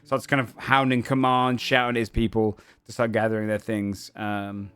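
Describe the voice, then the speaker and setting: A man's voice: fairly low pitch, little pitch movement, normal speed, a bit bright, smooth. A man narrating a tabletop game as game master, speaking casually and filling his lines with "um" and "kind of". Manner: casual, many fillers and hedging "kind of".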